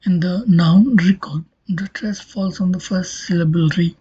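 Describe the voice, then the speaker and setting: A woman giving a recorded linguistics lecture, explaining slowly, her voice often dropping to a near-whisper. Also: on the low side, fairly even intonation, dark tone, slightly rough. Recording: dull lo-fi recording.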